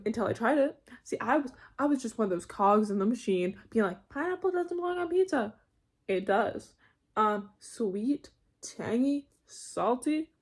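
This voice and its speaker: A young adult vlogger at university rambles through a casual rant in her bedroom, cutting herself off and laughing often. Her voice is on the high side, with a darkish tone.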